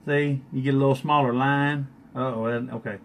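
A man's voice: mid-range voice, fairly even intonation, brisk, slight background noise. A man doing a joking live-stream makeup session, teasing and boastful.

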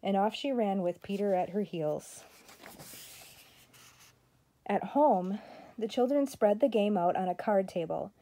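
An older woman, a grandmother, reading a children's story aloud in a steady, expressive way. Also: medium pitch, unhurried, long pauses.

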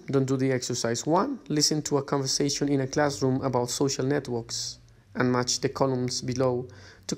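A male English teacher talks through a list of workbook exercises in a plain, patient voice. He reads each instruction aloud and keeps checking in with a rising "okay?" as he moves from page to page. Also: medium pitch. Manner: guides students step by step, often checks with a rising "okay?". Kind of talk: recorded lesson instructions.

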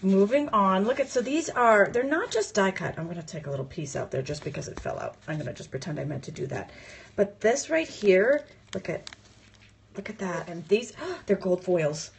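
A woman chatting through a live unboxing, gushing and excitable, with gasps and squeals of delight. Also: medium pitch, normal speed, creaky, breathy edge. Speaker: crafting channel host.

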